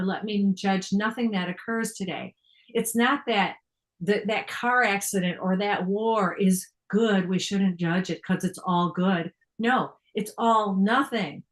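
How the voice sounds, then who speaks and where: A woman's voice: mid-range voice, low-quality recording. An older woman giving a reflective spiritual talk, reading passages aloud and explaining them earnestly, often laughing and restarting her phrases. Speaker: speaker sharing on a spiritual text.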